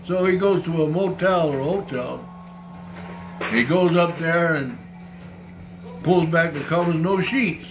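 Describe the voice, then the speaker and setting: Gruff, crude older grandfather. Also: a little high, a little slow, long pauses, over music. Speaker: grandfather and joke teller. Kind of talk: casual chat.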